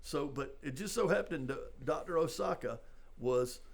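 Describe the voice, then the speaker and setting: An older man, a police sergeant, telling a personal story in a halting, conversational way, full of "you know". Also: fairly high pitch, lively intonation, creaky. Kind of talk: storytelling in a podcast interview.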